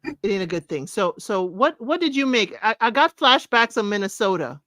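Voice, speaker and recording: A woman co-hosting a reality TV recap, giving blunt, sassy commentary at an even middle pitch. Her voice is dry and close on the mic. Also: normal speed, dry recording. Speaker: co-host of a reality TV recap show. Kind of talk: casual chat.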